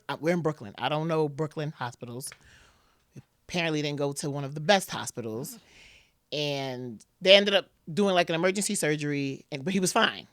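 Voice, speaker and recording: Recorded with clean studio sound and no room noise, a low-pitched woman appears as a guest on a podcast. She animatedly retells a personal story, voicing other people's quotes and leaning heavily on "like" as a filler.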